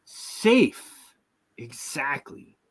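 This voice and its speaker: Speaking very slowly in a slightly high, sing-song voice, a middle-aged American talk show host chats casually. He rambles along, often restarting and filling pauses.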